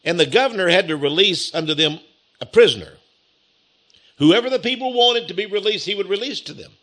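A man's voice: high-pitched, expressive, a little fast, a bit bright. A man preaching a sermon, telling the story with rhetorical questions to his listeners.

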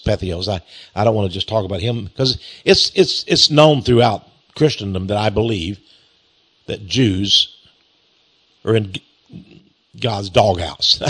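A man preaching a sermon-style Bible lesson, asking rhetorical questions, repeating words and reading scripture slowly. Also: medium pitch, sharp tone, breathy edge.

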